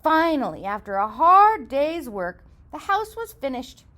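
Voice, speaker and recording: High, lively woman reading a children's tale. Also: unhurried. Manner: expressive, sing-song storytelling. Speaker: storyteller.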